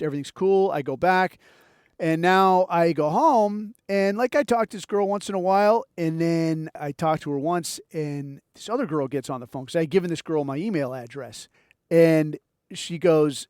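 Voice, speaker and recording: A man hosting a podcast, telling a story in a casual, profane, animated way and acting out the quotes. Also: on the high side, normal speed, clear, resonant tone, no echo, studio quality. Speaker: podcast host.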